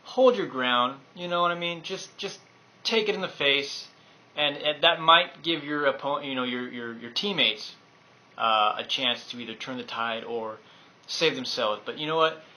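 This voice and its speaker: A man's voice: mid-range voice, moderate pace, bright, forceful tone, low-quality recording. A man giving a casual, enthusiastic gameplay overview, rambling with many fillers. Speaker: game guide presenter.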